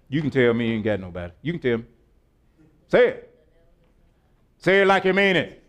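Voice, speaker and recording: A man preaching in with a high voice that leaps up and down. He laughs often and pulls his listeners into call-and-response. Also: very animated, normal speed, long pauses. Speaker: pastor. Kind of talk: sermon.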